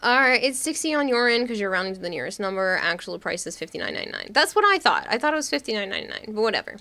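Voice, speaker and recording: Bright-voiced chatty woman streamer. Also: mid-range voice, very animated, very fast. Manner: chatty, rambling, laughs often while reading chat. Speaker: game streamer. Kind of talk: casual live-stream chat.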